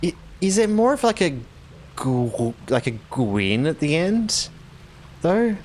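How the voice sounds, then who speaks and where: A man's voice: on the high side, big pitch swings, slow pace, a little mellow, a little hiss or hum. Chatty Australian man streaming games. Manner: playful, laughs often, chats with viewers. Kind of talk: casual game stream chat.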